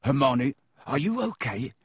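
A man reading aloud, voicing a wary teenage schoolboy who mutters quietly, in a dry recording. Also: big pitch swings, measured pace, husky, no room sound, exaggerated voice. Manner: low, hushed muttering.

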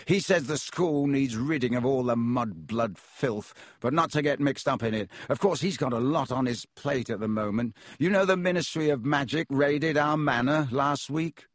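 A man's voice: mid-range voice, normal speed, few pauses, no room sound, clean studio sound, natural voice. A man voicing a snobbish, sneering teenage schoolboy wizard with a boastful drawl.

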